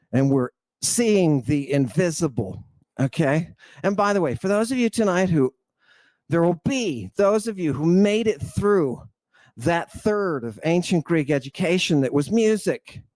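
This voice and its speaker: A man with a fairly high pitch for a man gives a theatrical lecture in a dry, close sound. He throws in exclamations and calls his audience "people" as he goes. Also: darkish tone, dry recording. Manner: exclamatory, addresses listeners as "people".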